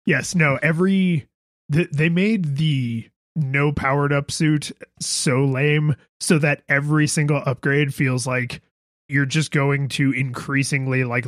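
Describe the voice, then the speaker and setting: A man co-hosting a casual podcast about video games, chatty and quick to laugh. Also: mid-range voice, a bit bright, no room sound, studio quality. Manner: chatty, laughs easily, does little sound effects. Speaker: podcast co-host.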